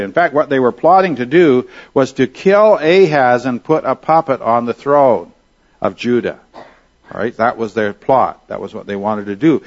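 A man's voice: mid-range voice, lo-fi sound. A man teaching a Bible class, explaining passages verse by verse and often checking in with his listeners. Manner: explanatory, checks in with "all right?".

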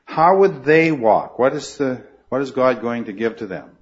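A man leads a Bible study in an earnest, questioning way. His voice sits at an ordinary pitch, and he often stops to restart his sentences. The recording sounds muffled and lo-fi. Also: expressive, normal speed. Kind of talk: Bible study class teaching.

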